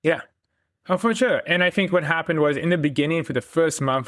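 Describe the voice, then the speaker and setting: A man's voice: fairly high pitch, a little fast, a bit bright, dry recording, studio quality. A man speaking as a podcast guest in a casual conversation, enthusiastic and self-deprecating, laughing often.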